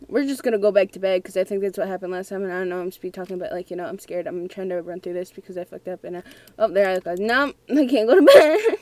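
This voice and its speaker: This young gamer is recording let's-play commentary of a frightening game from home, talking anxiously and laughing quietly to herself. She speaks in a mid-range, slightly mellow voice.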